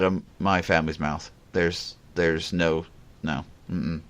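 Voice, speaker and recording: Deep-voiced, blunt male podcast host. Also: little pitch movement, takes it slowly, a bit bright. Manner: blunt, profane storyteller. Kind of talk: casual podcast chat.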